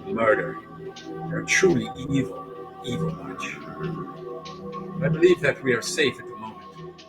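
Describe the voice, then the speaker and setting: A man voicing a grim, weary male villager who speaks in a solemn, halting way over background music. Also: medium pitch, big pitch swings.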